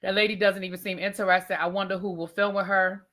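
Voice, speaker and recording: Bright-voiced woman chatting live. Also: medium pitch, level tone, fast. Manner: chatty, emphatic, talks straight to chat. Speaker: livestream host reviewing reality TV. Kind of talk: casual livestream chat with viewers.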